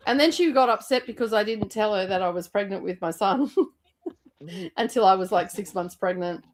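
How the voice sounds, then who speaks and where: A woman's voice: mid-range voice, normal speed, a little hiss or hum. A woman, telling stories in casual chat as a host, swearing freely and laughing as she talks. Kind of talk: casual livestream storytelling.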